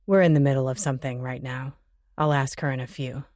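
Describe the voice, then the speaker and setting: A woman voicing a surly, brooding young male bass player who answers curtly and angrily. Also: steady tone, fairly quick, darkish tone, no echo, studio quality. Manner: curt, growling, angry.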